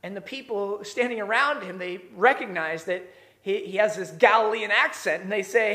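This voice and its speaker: A man delivers a sermon as a pastor. He retells the scene with vivid, acted-out voices, swinging from emphatic near-shouts to hushed, quiet passages. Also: high-pitched, moderate pace. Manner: dramatic retelling with voiced characters, emphatic rises.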